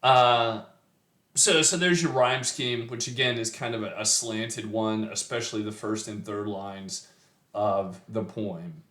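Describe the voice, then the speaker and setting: A man's voice: fairly low pitch, measured pace, a bit bright, roomy sound. A middle-aged man talking through a poem's meter and rhyme in a loose, thinking-aloud way, full of fillers and restarts. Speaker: poetry teacher. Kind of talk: casual poetry analysis.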